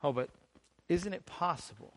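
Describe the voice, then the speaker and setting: A man preaching a sermon as pastor, emphatic and deliberate, with dramatic pauses and strong swings in loudness. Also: a little high, animated.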